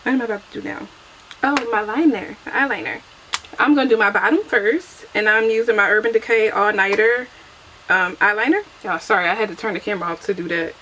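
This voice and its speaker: A woman's voice: medium pitch, brisk, sharp tone, a little hiss or hum, low-quality recording. A young adult woman chatting casually through a get-ready-with-me makeup vlog, chatty and self-deprecating, laughing often, recorded on a camera mic at home. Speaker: beauty vlogger.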